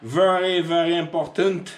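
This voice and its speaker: A man's voice: on the high side, fairly even intonation, measured pace. A man with a French accent explaining tractor upkeep in a chatty, rambling how-to vlog, joking at himself. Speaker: tractor owner showing maintenance.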